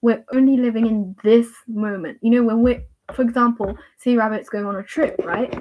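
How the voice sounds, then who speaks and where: A young woman doing a tarot reading on a livestream, talking casually and rambling with many fillers and repeated words in a gentle, reassuring way. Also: a little high, fairly even intonation, moderate pace.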